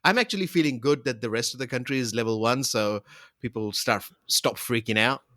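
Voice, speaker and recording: A man's voice: medium pitch, a little fast, pushed and bright, no room sound, clean studio sound. A man co-hosting a casual podcast from home over a call, joking, laughing and swearing as he chats. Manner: swearing, laughing, jokey banter. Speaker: podcast co-host. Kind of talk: casual chat.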